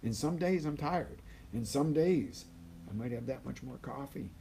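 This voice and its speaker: A man giving a live motivational talk as a life coach, energetic, swinging between loud bursts and quiet asides and acting out quoted voices. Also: mid-range voice, a little slow, creaky, slight background noise.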